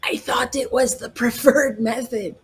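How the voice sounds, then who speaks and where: A woman's voice: on the high side, fairly even intonation, a little slow, husky, poor audio. A woman playing a tabletop game, joking casually and swearing easily. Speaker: player. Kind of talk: casual tabletop role-play.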